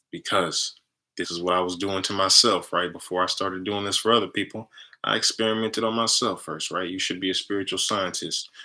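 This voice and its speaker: A man's voice: low voice, sharp tone. A man talking casually about energy healing, tagging almost every phrase with "right?". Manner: chatty, tags nearly every phrase with "right?". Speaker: spiritual healer and content creator. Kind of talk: casual promotional monologue.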